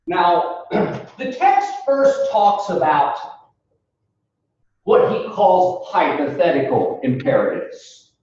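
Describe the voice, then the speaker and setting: A man lecturing a philosophy class, deliberate and explanatory, calling the students folks and quizzing them as he goes. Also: high voice, very animated, darkish tone, a little hiss or hum. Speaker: philosophy instructor. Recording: echoey classroom recorded from far off, dull lo-fi sound.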